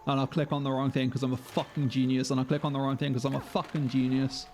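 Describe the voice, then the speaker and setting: A man's voice: medium pitch, little pitch movement, quick pace, a little mellow, a little hiss or hum. A man streaming a game live, chatting with viewers, sweary and self-mocking. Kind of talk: live gameplay commentary.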